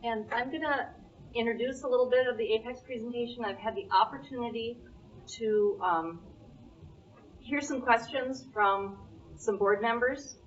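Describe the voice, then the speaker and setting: A woman's voice: on the high side, normal speed. A woman presenting at a school board meeting, explaining a document on screen step by step. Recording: distant, dull meeting-room recording.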